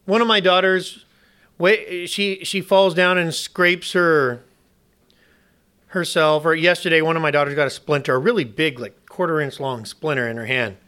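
A man's voice: fairly high pitch, steady tone, moderate pace, sharp tone, clear, resonant tone. A man preaching a sermon, emphatic and questioning the congregation, often restarting and repeating words.

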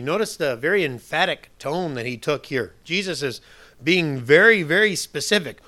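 A male pastor delivers a sermon with a bright, ringing voice pitched a little high for a man. He is emphatic, dropping to soft asides and then rising to loud, forceful declarations. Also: lively intonation, moderate pace.

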